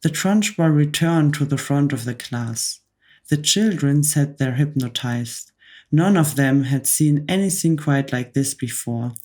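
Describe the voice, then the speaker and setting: Soft whispery lady reading a bedtime story, super slow, whispered role-play. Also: deep voice, expressive. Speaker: ASMR book reader.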